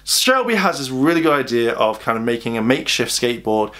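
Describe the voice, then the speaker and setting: A man's voice: medium pitch, a bit bright. A young British man talks through a show's episodes in a casual, rambling recap. He keeps it chatty and informal, with plenty of asides. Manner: chatty, acts out characters' lines in quick put-on voices. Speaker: fan reviewer.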